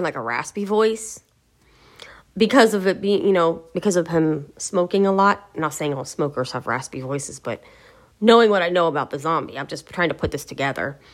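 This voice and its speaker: A woman hosting a gaming video, thinking aloud in a rambling, hesitant way as she searches for words. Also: lowish voice. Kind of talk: casual talk to camera.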